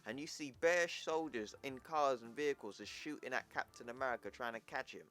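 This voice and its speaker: A man's voice: mid-range voice, brisk, a bit bright. A man casually retelling a comic book story in slangy, offhand narration for his video channel. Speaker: comic book recap YouTuber.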